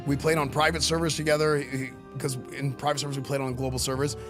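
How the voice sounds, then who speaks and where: A male streamer giving excitable, rambling live commentary, full of fillers and repeated words. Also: mid-range voice, quick pace, over music. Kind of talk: live-stream commentary reacting to game questions.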